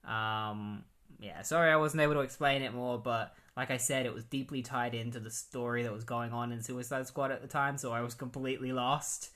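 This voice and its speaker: A man's voice: medium pitch, steady tone, fairly quick, a bit bright. A man giving a casual, rambling recap of comic books, full of "like" and "um". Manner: rambling, filler-heavy. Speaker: comic book reviewer.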